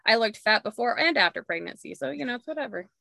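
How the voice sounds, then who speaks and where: A woman with a high, bright, ringing voice hosts a casual conversation. She tells stories with animation, acting out what people said, and laughs often. Her voice sounds close and dry, with no room around it. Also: quick pace, gravelly, no echo. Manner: animated storyteller who acts out quoted dialogue. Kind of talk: casual chat.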